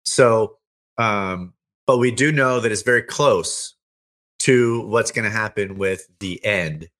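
Guy cohosting a christian chat show, bright punchy voice, rambles a lot. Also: lowish voice, slow pace. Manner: rambling, with many restarts and fillers. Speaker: co-host of a Christian end-times show. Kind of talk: casual faith chat.

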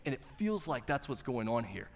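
A middle-aged male pastor giving a sermon, conversational and animated, asking the listeners rhetorical questions. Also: medium pitch, fairly quick. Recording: long reverb of a large hall.

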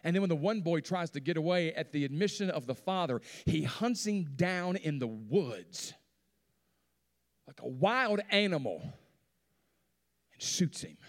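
Lively, dramatic male preacher. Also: on the high side, a little slow, pauses often. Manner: dramatic preaching with sudden loud rises and hushed drops. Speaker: pastor. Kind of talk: sermon. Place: church sanctuary.

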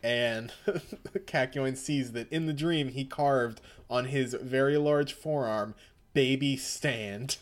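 A man's voice: medium pitch, slow pace. A man co-hosting a podcast, casually recapping a comic, joking and acting out lines. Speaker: podcast co-host.

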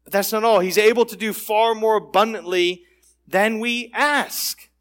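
High-voiced man preaching a sermon. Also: measured pace, a bit bright. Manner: emphatic, repetitive preaching cadence. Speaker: pastor.

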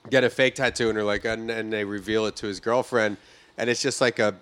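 A man's voice: on the low side, steady tone, brisk, fairly bright tone, clear, resonant tone. A man hosting a podcast, telling rambling stories in casual chat and acting out the voices of the people in them. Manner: rambling storyteller who acts out quoted voices. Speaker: podcast host.

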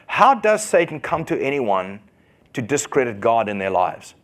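A man preaching a sermon in an animated way, often putting questions to the congregation. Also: medium pitch. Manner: animated, asks the congregation questions, quick bursts.

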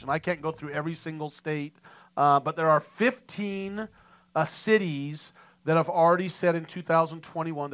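Man, talk radio host, rambling, excitable, fairly high voice, muffled lo-fi sound. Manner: rambling, excitable, many fillers.

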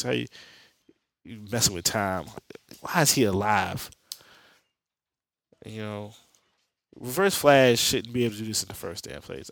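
A man's voice: lowish voice, gravelly, a bit bright, dry recording. A man hosting a podcast, giving a rambling, profane, slang-filled recap of a comic book. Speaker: podcast host. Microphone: podcast mic.

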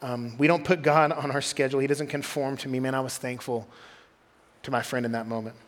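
A man's voice: mid-range voice, fairly even intonation, brisk. A young adult man, preaching a sermon as a groups pastor in a conversational storytelling way. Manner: conversational storytelling, drops to quiet intensity.

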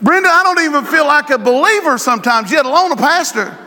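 A middle-aged male pastor preaching to his congregation, drawing out phrases for emphasis and rising to shouts. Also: extremely high pitch, animated, fast, slight background noise. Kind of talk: sermon. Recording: long hall reverb.

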